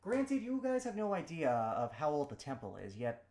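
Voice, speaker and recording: A man's voice: fairly high pitch, huge pitch swings, moderate pace, darkish tone. A man narrating a tabletop game as game master, in a casual manner. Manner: casual, with fillers.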